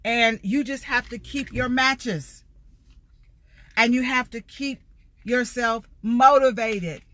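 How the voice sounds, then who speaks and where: A woman's voice: on the high side, slow pace, fairly bright tone. A middle-aged woman, a life coach, giving an emphatic motivational talk in a repetitive preaching cadence. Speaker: life coach and empowerment speaker.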